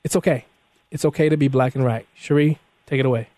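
A man hosting a radio talk show, chatting in an animated way, often repeating words and restarting. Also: mid-range voice, fast talker, dry recording. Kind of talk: casual radio chat.

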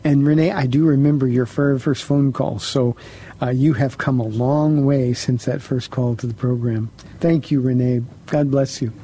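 Mellow husky radio pastor. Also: male voice, mid-range voice, fairly even intonation, moderate pace, hardly any pauses. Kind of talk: call-in radio talk.

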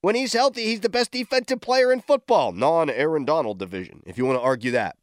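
An excitable man hosts a morning sports talk radio show. His voice sits fairly high and sounds dry and close to the mic. He is quick to shout in disbelief. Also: dry recording.

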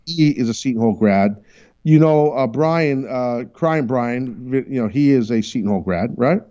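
A man hosting a sports talk show, brash and animated, teasing his crew as he talks. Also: mid-range voice, moderate pace, dull audio. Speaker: radio show host.

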